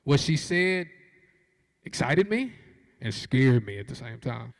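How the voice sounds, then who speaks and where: A man's voice: medium pitch, slow, vocal fry. A man giving a comedic storytelling keynote on an auditorium stage, acting out the voices he quotes. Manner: animated, acts out quoted voices. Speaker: keynote speaker. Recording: long reverb of a big auditorium.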